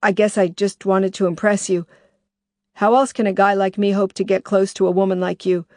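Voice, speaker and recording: A woman voicing a smooth-talking man who apologizes on the phone, in a raised, pleading way. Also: mid-range voice, flat delivery, moderate pace, warm tone, no echo, clean studio sound, lightly acted.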